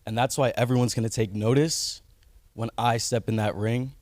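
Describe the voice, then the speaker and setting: A man's voice: medium pitch, steady tone, moderate pace, darkish tone, no echo. A man cutting an in-character wrestling promo as a wrestler, cocky, vain and taunting.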